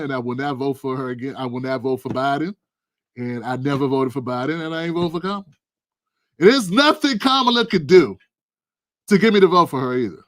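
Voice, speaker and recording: A man hosting his own show, talking straight to his viewers in casual, slangy, emphatic political commentary. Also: fairly high pitch. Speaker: show host.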